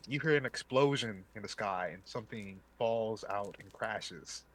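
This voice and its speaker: A man's voice: fairly low pitch, a little slow. A man narrating a tabletop game as game master, casual and full of fillers.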